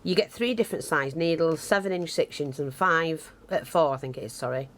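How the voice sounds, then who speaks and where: A woman's voice: low voice, fairly quick. A woman giving a casual craft tutorial, chatty and self-deprecating, thinking aloud as she works close to the camera. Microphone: camera close to her hands, picks up breathing.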